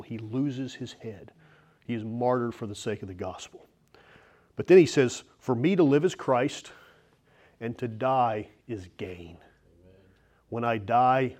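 Guy pastor giving a sermon, chatty, reads scripture then gets worked up and laughs at himself. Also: medium pitch. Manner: conversational preaching with self-deprecating asides and laughs; reads scripture aloud, rising animated at personal points.

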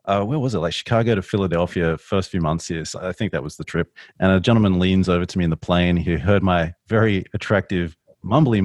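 Deep-voiced, mumbly Australian man. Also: a little mellow, dry recording, studio quality. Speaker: podcast guest, author. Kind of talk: casual podcast conversation.

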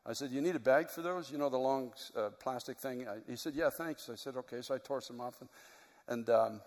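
A middle-aged pastor preaches a sermon, telling a story earnestly and with emotion. His medium-pitched voice moves fairly quickly, and the recording carries a long hall reverb.

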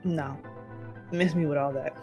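A young woman vlogging, telling a story in a casual, dramatic and animated way with lots of slang. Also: low voice, measured pace, soft background music. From United States.

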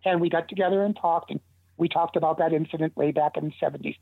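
Talking fast in a fairly high, creaky, slightly rough voice, an older man tells rambling, lively stories as an interview guest and keeps restarting. The recording is dry, coming through a tinny phone line.

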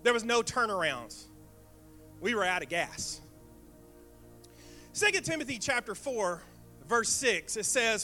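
High, bright-voiced man preaching. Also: unhurried, long pauses, soft background music. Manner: lively, engaging the congregation with questions. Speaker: pastor. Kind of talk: sermon. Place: church sanctuary.

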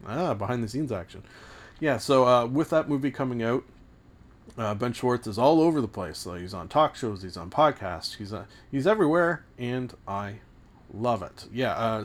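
A man in his late thirties hosting a solo podcast, rambling casually with stumbling restarts and self-mocking asides. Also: mid-range voice. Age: late 30s. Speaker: podcast host.

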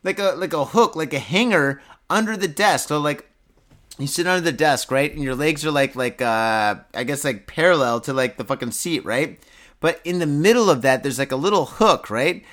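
A man's voice: fairly high pitch, lively intonation, normal speed, fairly bright tone. Tipsy, foul-mouthed man rambling on a podcast. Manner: profane, rambling, laughing at his own jokes, tipsy. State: drunk. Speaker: podcast host. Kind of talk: casual podcast chat reading news stories.

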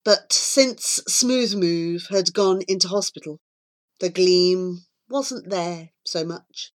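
A woman reading a children's novel aloud as narrator with expressive, measured storybook narration. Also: on the low side. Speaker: audiobook reader.

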